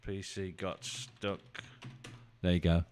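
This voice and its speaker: A man with a low, mellow voice talks through a live stream. He rambles, thinks aloud and teases his viewers in a casual, chatty way. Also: flat delivery, takes it slowly, a little hiss or hum. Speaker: live-stream trading host.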